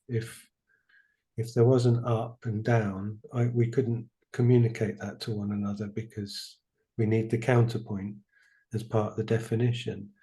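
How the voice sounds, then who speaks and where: Man, podcast host, mellow dark voice, reflective, halting. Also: fairly low pitch. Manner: thoughtful, searching for words, halting. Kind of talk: reflective spiritual conversation.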